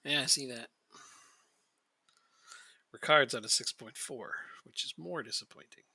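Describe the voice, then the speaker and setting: A man's voice: mid-range voice, a little slow, creaky, sharp tone, husky, no room sound. A man streaming a game, chatting casually with a co-player, teasing and laughing often. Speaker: gaming streamer. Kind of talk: casual gaming stream chat.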